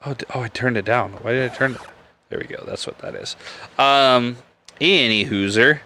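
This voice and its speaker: A man's voice: medium pitch, moderate pace, sharp tone. A man hosting a live beer podcast, rambling and joking crudely, laughing often. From Nebraska. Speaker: podcast host. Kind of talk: casual live-stream beer chat.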